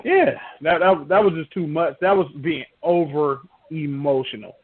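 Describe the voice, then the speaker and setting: High-voiced man on a tinny line. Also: expressive, normal speed, husky. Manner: rambling and emphatic, many fillers and restarts. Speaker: sports talk podcast host. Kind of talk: casual sports banter. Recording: tinny phone-like podcast audio.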